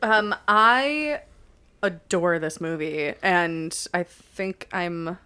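A woman's voice: fairly low pitch, very slow, sharp tone, clear, resonant tone. A woman in her twenties, chatty and laughing easily as she shares her take in a casual podcast chat. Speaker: podcast co-host.

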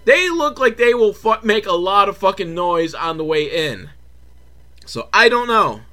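A man's voice: high voice, very animated, a little slow, sharp tone. A man hosting a comedic film recap, talking sarcastically and profanely with laughing asides. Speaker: host.

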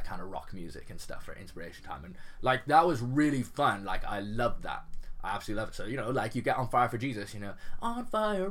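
As an interview guest, a young man tells his story casually, laughing often while he talks and saying "like" a lot. His voice is fairly low pitched and a bit bright.

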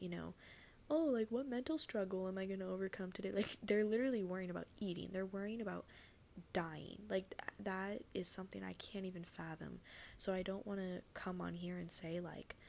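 A woman's voice: on the low side, creaky, slight background noise. A woman hosting a solo podcast from her bed, talking casually and earnestly, rambling with lots of "like" and "you know" and the odd swear word. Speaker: podcast host.

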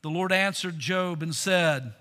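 A man preaching a sermon in a church sanctuary, earnest and expressive, often asking the congregation rhetorical questions. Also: high voice, measured pace, long reverb tail. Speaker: pastor.

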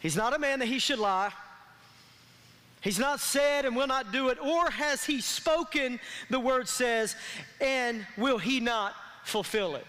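A man's voice: very high voice, a little slow, bright, forceful tone. A man preaching a sermon as pastor, calling out to his congregation for responses. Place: church sanctuary. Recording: long reverb of a large hall.

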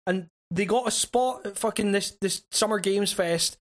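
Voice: medium pitch, normal speed. Stammering casual gaming podcast co-host. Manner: hesitant, stammering restarts, casual swearing.

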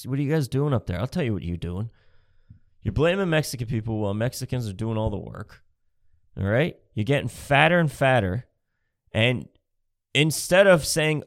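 A man's voice: mid-range voice, lively intonation, normal speed, dry recording, clean studio sound. A man from Canada doing a profane, sarcastic comedic rant, mocking the people he talks about.

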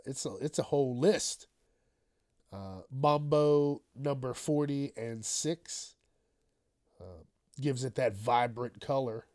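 A man's voice: medium pitch, darkish tone. A man hosting a casual solo news podcast, rambling and swearing, often trailing off into mumbles. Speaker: podcast host.

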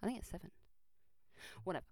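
A young woman telling a personal story in a chatty, animated way, full of fillers and restarts. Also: quick pace, no room sound. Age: young adult. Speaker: vlogger. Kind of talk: casual storytelling. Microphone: close microphone.

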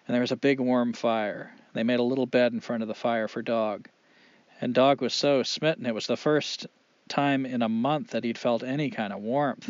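Man, oral storytelling, animated, expressive, dull lo-fi, dry. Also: medium pitch, no room sound. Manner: animated, expressive, dramatic pauses.

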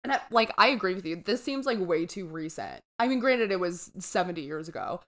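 Speaking a little fast and with plenty of animation, a low-voiced woman co-hosts a podcast in loose, casual conversation. She is chatty, leans on fillers and laughs a lot.

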